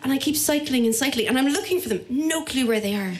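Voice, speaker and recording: A young Irish woman with a high-pitched voice talks fast as she tells an audience a funny personal story. She is lively and self-mocking, acting out the voices of the people involved.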